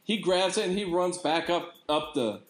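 Animated man telling stories, roomy echo. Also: sits high, moderate pace. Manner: animated storyteller, laughs often. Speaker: podcast co-host. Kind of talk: casual chat. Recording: roomy echo, faint background noise.

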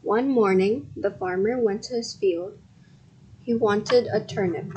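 A woman hosting a podcast reads a children's story aloud carefully, with loud animal noises and shouts for the characters. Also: mid-range voice, a little hiss or hum, low-quality recording. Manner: slow, careful reading with bursts of loud sound effects. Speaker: podcast host and story reader.

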